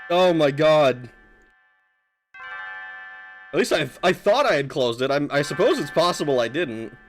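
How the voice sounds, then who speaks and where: A male game streamer gives loose, profane commentary and laughs often. His pitch jumps around a lot and sits a little high. Faint game music runs behind him. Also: measured pace. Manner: animated, swearing, laughs often. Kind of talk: let's play commentary.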